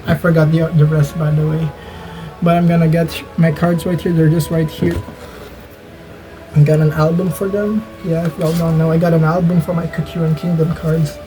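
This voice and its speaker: A man's voice: a little high, level tone, moderate pace, low-quality recording. A man telling a casual vlog story in an earnest, rambling way, often restarting his sentences, over faint background music. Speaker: gaming YouTuber.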